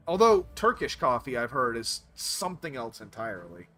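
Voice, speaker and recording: A man chatting through a gameplay stream in a loose, rambling way, often cutting himself off mid-thought. His pitch jumps around animatedly. Faint background music runs under his voice. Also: moderate pace, few pauses. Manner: rambling, self-interrupting, animated. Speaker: game streamer. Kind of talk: casual gameplay commentary.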